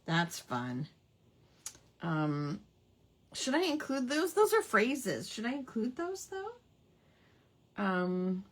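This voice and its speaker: A woman's voice: medium pitch, wildly swooping pitch, slow pace, slightly rough. A woman hosting a casual craft hangout, chatty and playful, savoring quirky old words with giggles. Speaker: craft livestream host.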